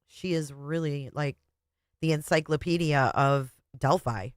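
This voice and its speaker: A woman's voice: deep voice, a little slow, no room sound, clean studio sound. A middle-aged woman hosting a live stream, reading chat comments and talking bluntly, with plenty of swearing. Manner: blunt and profane, chatty.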